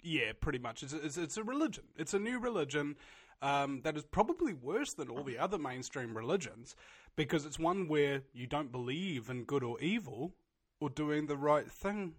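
A man from New Zealand with a matching accent talks casually, pitched a little higher than most men. He is blunt and opinionated, and he often stumbles and restarts mid-sentence. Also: animated, normal speed, breathy edge. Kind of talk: casual chat.

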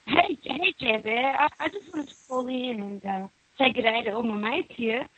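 A woman calling in to a talk radio show from outside, soft and husky in tone. Her voice is high, and the rough call line makes it sound dull and muffled. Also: normal speed, no room sound. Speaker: caller. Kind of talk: phone-in greeting. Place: outdoors.

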